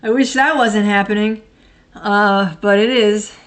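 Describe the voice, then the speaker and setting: Casting note: woman in her thirties, streamer, mid-pitched, loose rambling chat, laughs a lot, swears freely. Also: fairly even intonation, unhurried. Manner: rambling, laughs often, blunt and profane. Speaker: livestream host. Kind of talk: casual chat, reading and answering viewer comments.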